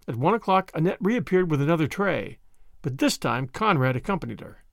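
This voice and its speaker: A man narrating a mystery novel as an audiobook, with expressive storytelling. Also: a little high, brisk, vocal fry, no room sound, clean studio sound.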